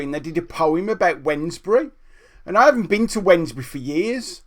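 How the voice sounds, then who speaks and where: A man's voice: on the high side, fairly bright tone. Man telling rambling anecdotes. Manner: rambling anecdotes, swearing freely. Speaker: podcast co-host. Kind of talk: casual chat. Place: room with friends, streamed live.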